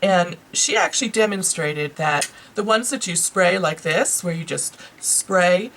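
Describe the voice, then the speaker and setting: This beauty vlogger, a woman with a New York accent, reviews her purchases in a chatty, enthusiastic way full of fillers, talking straight to viewers. Her voice is fairly low and a bit bright, and she speaks a little slowly on a low-quality recording.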